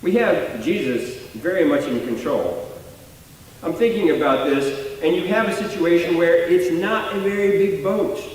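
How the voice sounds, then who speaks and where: High-voiced preacher in an echoey hall. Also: male voice, measured pace, a little mellow, distant mic, a little hiss or hum. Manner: conversational and explanatory, rephrasing and repeating himself. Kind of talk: sermon. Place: church sanctuary.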